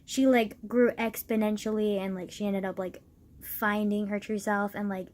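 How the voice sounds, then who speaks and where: A woman's voice: medium pitch, level tone, moderate pace, darkish tone. A young woman talking casually to camera as a vlogger, rambling with lots of "like" and swearing, getting worked up at times. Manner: rambling, heavy use of "like", swearing, gets worked up.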